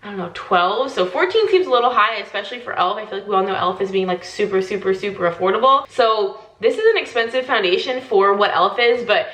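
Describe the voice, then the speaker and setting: A woman's voice: medium pitch, lively intonation, quick pace, few pauses, a bit bright. A young woman with a slight Southern US accent vlogging casually in her bathroom with a morning voice, chatty and full of "like" fillers. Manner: chatty, many "like" fillers, laughs often. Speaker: beauty vlogger. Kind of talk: casual chat. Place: bathroom at home. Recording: echoey bathroom.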